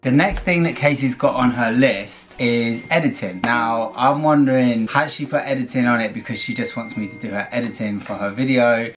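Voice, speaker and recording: A man's voice: mid-range voice, moderate pace, few pauses, noisy background. A middle-aged man from Britain, a vlogger dad chatting casually and teasing in a dry way. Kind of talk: casual vlog chat.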